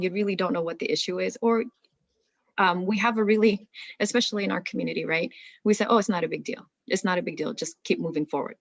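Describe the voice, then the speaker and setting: Woman therapist with a gravelly voice. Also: medium pitch, no room sound, highs cut off. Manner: earnest, explanatory, many rhetorical questions. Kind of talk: talk on counseling and marriage.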